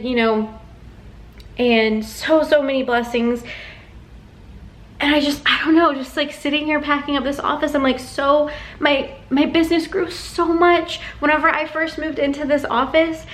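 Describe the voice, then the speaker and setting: A woman talking casually in a vlog, heartfelt and rambling with lots of fillers, while packing up her home office. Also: high voice. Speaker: vlogger and sticker shop owner. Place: apartment home office being packed up.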